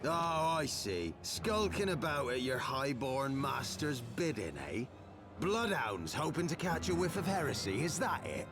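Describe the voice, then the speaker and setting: A man's voice: fairly high pitch, sing-song, unhurried. An actor playing a sneering male street thug with a West Country accent in a video game, over game music. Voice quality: gravelly, taunting. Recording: game audio with music behind.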